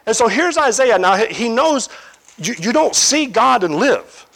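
A man preaching a sermon, telling a scripture scene as a vivid, animated story. His voice sits high for a man. His intonation swings widely as he leans into each image. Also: a little slow, vocal fry. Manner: animated storytelling, imaginative asides.

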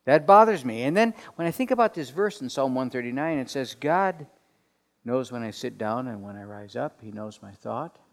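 A man leading a group Bible study in a conversational sermon style, asking questions and swinging from soft to emphatic. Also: medium pitch, expressive, normal speed. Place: room with people around tables. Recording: long hall reverb.

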